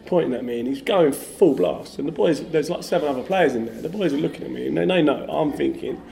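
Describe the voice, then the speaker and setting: A middle-aged man, a former footballer, telling stories in a casual, animated way with lots of fillers. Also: a little high, fast, gravelly. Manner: animated, lively storyteller, many fillers like "like". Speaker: former footballer, podcast guest. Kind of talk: casual anecdotal storytelling.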